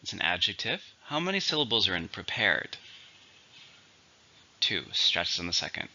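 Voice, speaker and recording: A man teaching English vocabulary, slowly drilling each word's syllables and stress. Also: lowish voice, very animated, pushed and bright. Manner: clear, slow drilling of words and stress. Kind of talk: vocabulary lesson. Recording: dull lo-fi recording.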